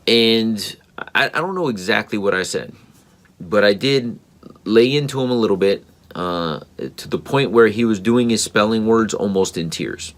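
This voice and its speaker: A man's voice: lowish voice, expressive, normal speed. A man in his thirties, a parenting podcast host, telling a personal story in an earnest, rambling way with many ums and restarts.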